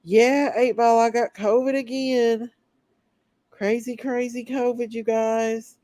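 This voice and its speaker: A woman's voice: fairly high pitch, little pitch movement, takes it slowly, dark tone, dry recording. A woman hosting a casual livestream, sick and recovering, greeting viewers by name. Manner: greets viewers by name one after another. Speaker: livestream host.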